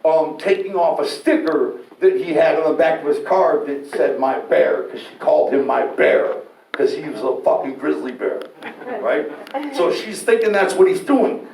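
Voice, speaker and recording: Animated high-voiced man telling a story. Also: normal speed, creaky. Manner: animated, swings to shouting when retelling dramatic moments. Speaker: storyteller guest. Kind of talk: candid, profane personal storytelling. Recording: roomy echo, distant mic, faint noise.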